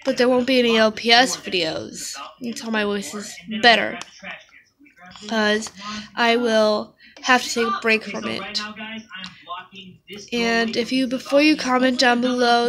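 A woman vlogger talking casually to her viewers, hoarse from a sore throat, her voice cutting out as she rambles with lots of fillers. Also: a little high, fairly even intonation, a little slow, pauses often, a crowd in the background, low-quality recording. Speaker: YouTuber. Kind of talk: casual vlog chat to viewers.

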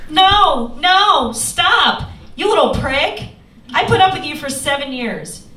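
A woman's voice: high voice, lively intonation, takes it slowly, bright, forceful tone, exaggerated voice. A woman doing a scornful, unfaithful young woman. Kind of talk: live script reading. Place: live stage in an event venue. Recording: echoey room, distant mic, background noise.

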